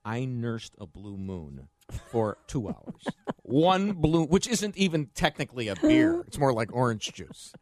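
A man's voice: medium pitch, wildly swooping pitch, measured pace, darkish tone, dry recording, clean studio sound. A man co-hosting a morning talk radio show, chatting in a jokey, self-deprecating way. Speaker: radio co-host. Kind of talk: casual talk radio banter.

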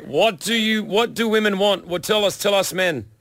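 A man's voice: high-pitched, a bit bright, dry recording. Male radio co-host, teasing and jokey, dry close sound. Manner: playful, teasing, quick to laugh. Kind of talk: joking studio banter.

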